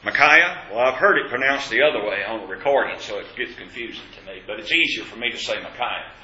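A man's voice: medium pitch, lively intonation, fast talker, sharp tone. A man teaching a Bible class, asking questions of the group and stressing key points with emphasis. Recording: echoey, dull room recording.

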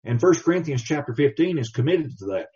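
A man preaching a sermon, emphatic, slowly reading scripture in old English. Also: a little high, very animated, warm tone. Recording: distant, dull lo-fi recording.

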